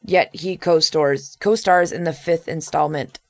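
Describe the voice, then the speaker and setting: Blunt, low-pitched woman, dry mic. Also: unhurried, dry recording. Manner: blunt, swears freely, laughs often. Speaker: podcast co-host. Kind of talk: casual chat.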